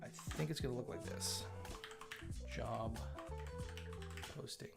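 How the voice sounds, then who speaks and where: A man's voice: medium pitch, slow pace, vocal fry. Rambling man thinking aloud while coding. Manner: rambling, thinks aloud, stammers and repeats words. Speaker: live coding stream host. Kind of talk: casual live-stream coding chat. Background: faint chill background music.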